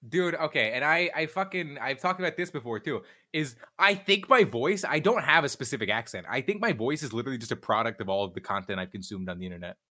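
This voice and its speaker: A man's voice: medium pitch, animated, fast, few pauses, bright, forceful tone. A young man in casual chat, candid and profane, rambling with frequent restarts. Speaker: streamer guest.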